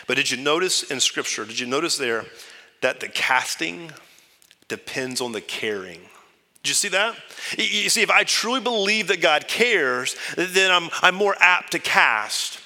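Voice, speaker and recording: A man preaching a sermon as pastor, conversational and earnest, shifting between loud emphasis and hushed, near-whispered lines. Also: fairly high pitch, lively intonation, unhurried, long reverb tail. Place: church sanctuary.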